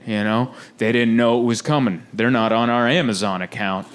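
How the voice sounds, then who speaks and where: A man doing a stand-up comedy set on stage, animated and laughing often as he acts out little scenes. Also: a little high, fast, hardly any pauses, noisy background. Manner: animated, laughing often, acting out quoted voices. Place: live comedy venue with audience.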